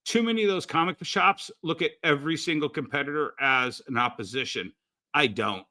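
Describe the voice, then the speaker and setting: Bright-voiced man sharing anecdotes. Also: a little high, brisk. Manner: chatty, anecdotal, stammers on restarts. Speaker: podcast co-host, comic retailer. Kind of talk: casual chat.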